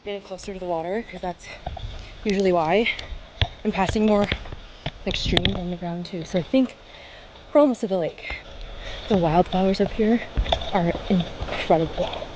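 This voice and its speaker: A woman's voice: mid-range voice, moderate pace, pauses often, highs cut off, background noise. A young woman chatting casually to the camera while hiking outdoors, rambling with lots of fillers. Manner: chatty, rambling with many likes. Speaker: vlogger. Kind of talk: casual vlog talk to camera. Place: outdoors on a mountain hiking trail. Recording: vlog footage with background music. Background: music, outdoor ambience.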